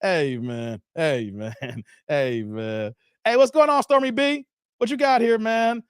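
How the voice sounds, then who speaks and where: High-voiced man chatting on a dry mic. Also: slow pace, smooth, no echo. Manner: loose, joking, laughs often, calls viewers "man". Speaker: livestream host reading chat. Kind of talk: casual livestream chat.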